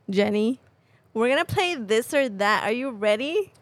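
A young woman co-hosting a casual podcast, giggly and excitable, teasing her co-host. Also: a little high, measured pace, no room sound. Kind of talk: casual chat.

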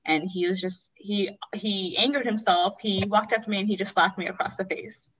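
A young woman shares a painful story from her own life in a podcast-style chat. She speaks in an earnest, halting way and leans on "like" as a filler. The recording sounds slightly dull and lo-fi. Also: medium pitch, fairly bright tone, husky. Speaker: guest sharing her story. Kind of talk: personal storytelling in conversation.

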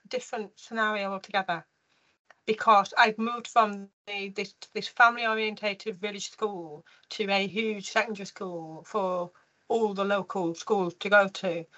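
With a mid-range voice and dull-sounding audio, a woman from the UK tells her life story as an interview guest, lively throughout and full of restarts and fillers.

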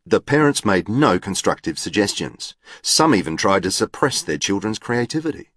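A man's voice: fairly low pitch, sing-song, normal speed, a bit bright, no room sound, clean studio sound. A man narrating an audiobook in a formal, literal, precise manner. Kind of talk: scripted narration.

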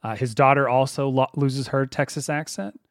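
A man co-hosting a casual podcast chat, chatty and quick to laugh. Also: mid-range voice, steady tone, no room sound, clean studio sound. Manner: chatty, laughs often, trails off and restarts. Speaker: podcast co-host.

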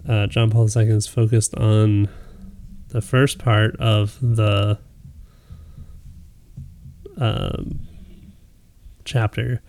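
A woman's voice: extremely low pitch, vocal fry, a little mellow, slight background noise. A woman co-hosting a faith podcast, easygoing and encouraging as she steers the talk. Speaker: podcast co-host. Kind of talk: casual chat.

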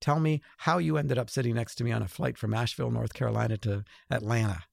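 A man's voice: mid-range voice, fairly even intonation, fast, creaky, no echo, studio quality. A middle-aged man, an author and guest, telling a story in casual conversation and acting out the dialogue.

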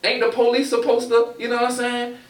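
High-voiced man talking animatedly off-mic. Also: a little fast, far from the mic. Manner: animated, rhetorical questions, "you know what I'm saying". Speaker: co-host. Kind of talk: casual podcast chat. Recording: echoey room, voice off-mic, faint noise.

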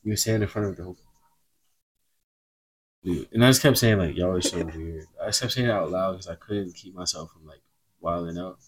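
A man's voice: low-pitched, a little fast, pauses often, a crowd in the background. A young man co-hosting a podcast, chatting casually and telling rambling, laid-back stories. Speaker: podcast co-host. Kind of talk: casual chat.

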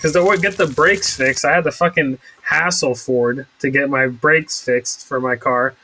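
A man's voice: mid-range voice, fairly even intonation, moderate pace, sharp tone, slight background noise, low-quality recording. A young man co-hosting a podcast, chatting casually with rambling, sarcastic asides. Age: young adult. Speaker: podcast co-host. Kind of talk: casual chat.

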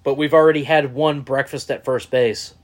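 A man's voice: medium pitch, fairly even intonation, moderate pace. A young man co-hosting a casual sports podcast, joking and laughing at his own picks. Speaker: podcast co-host.

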